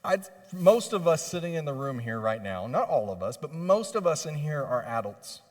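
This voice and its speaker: A man's voice: a little high, big pitch swings, normal speed. Impassioned male preacher in a reverberant church. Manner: impassioned preaching, voicing pleading questions with rising intensity. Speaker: pastor. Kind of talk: sermon. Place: church sanctuary. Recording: long reverb of a church hall.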